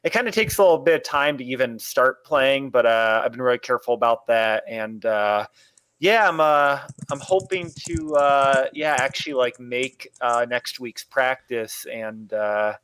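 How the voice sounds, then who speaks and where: Smooth-voiced hesitant man. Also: mid-range voice, normal speed, dry recording. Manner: soft-spoken, hesitant, lots of fillers. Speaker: band member guest. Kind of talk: casual chat.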